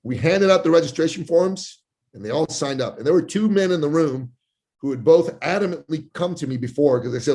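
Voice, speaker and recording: A man's voice: lively intonation, brisk, mellow. A man in his forties, a podcast guest, telling a story with energy and acting out the voices of the people in it. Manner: acts out quoted voices with big pitch jumps. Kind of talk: animated storytelling. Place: Toronto area.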